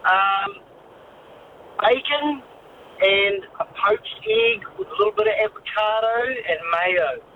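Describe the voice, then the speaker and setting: A man's voice: high voice, big pitch swings, slow pace. A man calling in to a radio show, laid-back and easygoing. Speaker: caller. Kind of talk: casual phone-in chat. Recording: tinny phone line with faint hiss.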